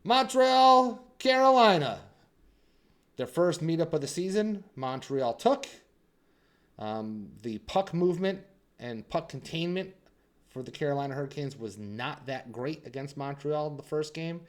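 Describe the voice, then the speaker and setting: A young man hosting a hockey channel, giving casual sports commentary and teasing his viewers, swinging between loud hype and quiet asides. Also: medium pitch, lively intonation, moderate pace.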